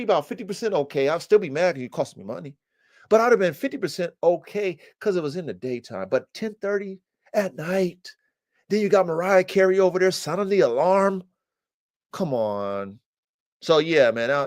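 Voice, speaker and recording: A man in casual storytelling mode, animated and profane, who often jumps into loud, high rants. His voice sits a little high for a man. The recording is dry and close, with almost no room sound. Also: dry recording. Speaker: podcast host and dog breeder.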